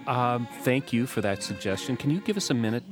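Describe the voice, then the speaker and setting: A man voicing a baffled restaurant customer who speaks in a halting, unsure way. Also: medium pitch, animated, lightly acted. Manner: hesitant, halting. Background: accordion music bed.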